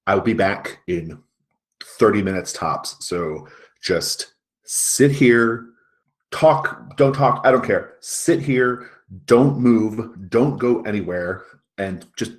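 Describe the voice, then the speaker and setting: A man's voice: deep voice, moderate pace, lightly acted. A man voicing a flustered middle-aged male school coach who pleads and stammers. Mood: rattled.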